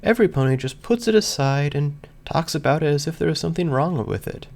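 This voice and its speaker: A man voicing a cheerful, gentle pony mare who talks in a soft, earnest, lilting way. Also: a little high, expressive, quick pace, gravelly. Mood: gentle coaxing.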